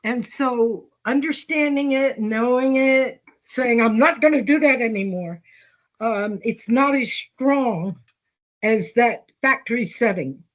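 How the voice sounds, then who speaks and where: Older lady telling a long story real slow, does little voices for quotes, muffled sound. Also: a little high. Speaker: interviewee. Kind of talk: long-form conversational interview.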